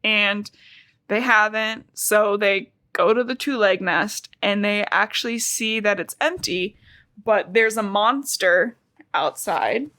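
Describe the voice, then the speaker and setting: A young woman co-hosting a podcast, recapping a book in a casual, chatty way with lots of "like" and quick jokey asides. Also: mid-range voice, pushed and bright, no echo. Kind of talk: casual chat.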